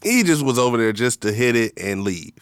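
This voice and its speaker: A relaxed man chatting casually on a podcast, laughing easily and working his thoughts out aloud. His voice sits at an ordinary middle pitch. The recording is dry and close-miked. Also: brisk, clean tone, no echo. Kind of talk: casual chat.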